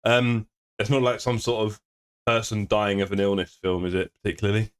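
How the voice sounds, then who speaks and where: A man's voice: lowish voice, little pitch movement, a little fast, clean tone. A man, streaming sim racing and bantering casually with his live chat, joking and laughing often. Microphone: desk streaming microphone.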